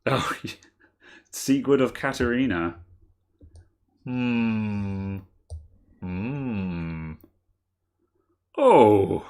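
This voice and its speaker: A man with a fairly low voice hosts a relaxed live tech stream. He chats loosely, laughs a lot and fills his pauses with ums as he works things out aloud at his desk mic. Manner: chatty, laughs often, thinks aloud with fillers. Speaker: podcast host. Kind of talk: casual live-stream chat.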